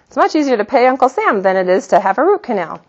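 A woman's voice: a little high, fast talker. A middle-aged woman giving a religious talk full of personal stories, telling them with animation and frequent laughs. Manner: animated storyteller, laughs often. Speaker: religious teacher. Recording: slightly muffled recording.

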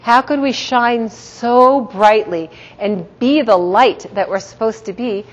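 A middle-aged woman giving a religious teaching talk to a group, telling stories warmly and laughing often. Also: on the high side, slow. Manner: warm, storytelling, laughs often. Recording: dull sound in a reverberant hall.

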